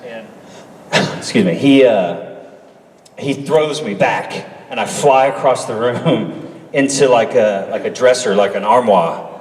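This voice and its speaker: A man's voice: mid-range voice, takes it slowly. A man telling stories casually on a convention panel, acting out other people's lines as he goes. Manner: animated storyteller who acts out other people's lines. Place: large convention hall. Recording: echoey hall from far off.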